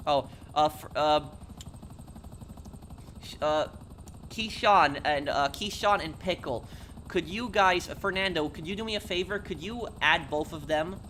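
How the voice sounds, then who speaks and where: A man's voice: fairly high pitch, measured pace, bright, forceful tone, slight background noise. A man streaming a game live, chatting casually with viewers and answering their messages, often stopping and repeating words. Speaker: gaming streamer.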